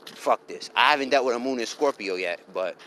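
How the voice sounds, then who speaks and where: A man's voice: mid-range voice, lively intonation, fast, sharp tone, slight background noise. A man, an astrologer, venting in a heated, profane monologue straight to the viewer. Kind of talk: ranting vlog monologue.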